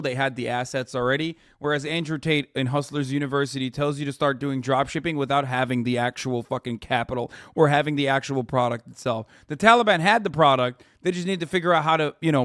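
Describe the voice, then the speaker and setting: A man hosting a live political stream, reacting to news with sarcastic, profane, animated ranting. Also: medium pitch, quick pace, hardly any pauses, no echo, studio quality. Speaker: political livestream host.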